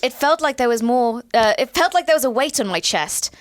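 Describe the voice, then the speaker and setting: A woman's voice: fairly high pitch, lively intonation, a little fast, no room sound. A woman hosting a horror game playthrough, chatting playfully and reading diary entries aloud theatrically. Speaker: let's play host. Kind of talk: casual game commentary with dramatic read-outs.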